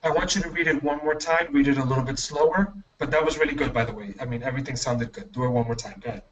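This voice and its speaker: Patient man teaching, a bit distant. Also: medium pitch. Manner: patient, encouraging, repeats words slowly. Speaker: English teacher. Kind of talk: online class instruction.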